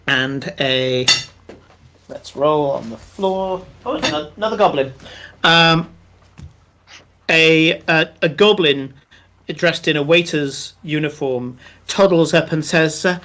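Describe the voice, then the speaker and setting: A man running a tabletop game, narrating scenes in a slow, unhurried way. His voice is bright and sits a bit high for a man, and he fills pauses with plenty of ums and uhs. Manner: descriptive, unhurried, many fillers. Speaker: game master.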